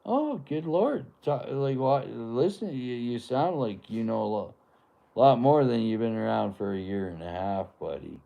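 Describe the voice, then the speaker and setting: A man's voice: mid-range voice, animated, unhurried, gravelly, lo-fi sound. A man hosting a live stream, talking in a rambling, laid-back way with lots of fillers. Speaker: livestream host. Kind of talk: casual live-stream chat.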